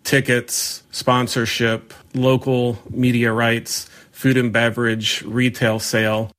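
A man's voice: medium pitch, slow pace. A man working as a sports business advisor, listing revenue sources in a plain business tone. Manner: flat, list-like business talk. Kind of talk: interview soundbite.

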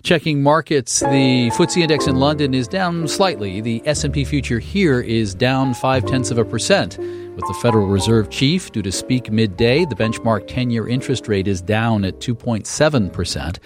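A man anchoring a radio business news program, reading headlines briskly and chatting with a lightly wry touch. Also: medium pitch, music in the background. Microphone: studio microphone.

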